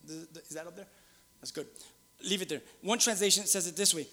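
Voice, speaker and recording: A middle-aged man preaching a sermon in a church. He talks animatedly, swinging between loud exclaiming and hushed asides. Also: a little high, lively intonation, fairly quick, pauses often, big-room sound. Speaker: pastor. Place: church sanctuary.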